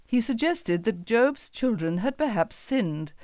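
A woman's voice: fairly high pitch, very animated, a little slow, a little mellow, no room sound. Woman narrating a Bible story, dry close sound.

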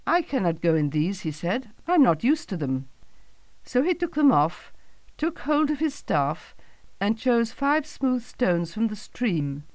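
A woman narrating a Bible story in a calm, even storytelling manner, reading the quoted lines in her own voice. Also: medium pitch, a little slow, no echo.

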